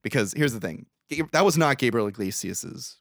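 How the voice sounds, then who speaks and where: A man's voice: medium pitch, moderate pace, vocal fry, no echo, clean studio sound. A man casually recapping a movie plot on a podcast, swearing freely and acting out the characters' lines. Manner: profane, animated retelling with acted quotes. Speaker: podcast co-host.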